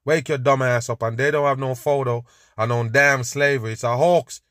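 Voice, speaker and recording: A man's voice: medium pitch, fairly even intonation, moderate pace, fairly bright tone, no echo. Scornful man ranting, dry close mic. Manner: scornful, preachy, repeats "people". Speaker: podcast host reacting to clips. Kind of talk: ranting commentary over video.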